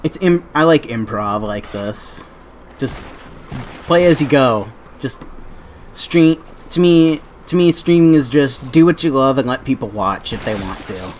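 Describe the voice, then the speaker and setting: A man's voice: medium pitch, animated, measured pace, slight background noise. Rambling male game streamer. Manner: rambling, self-correcting, with many fillers. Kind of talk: casual live game commentary.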